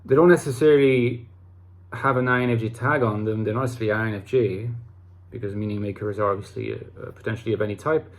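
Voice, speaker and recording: A YouTube host discussing personality types talks casually to camera, reflective and rambling, restarting phrases and using fillers. He is a fast talker with a lowish voice and steady tone.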